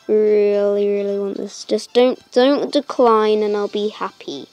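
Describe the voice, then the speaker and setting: A woman giving casual gameplay commentary as a channel host, excitable, breaking into delighted squeals and filling pauses with lots of hesitant ums. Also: medium pitch, soft background music.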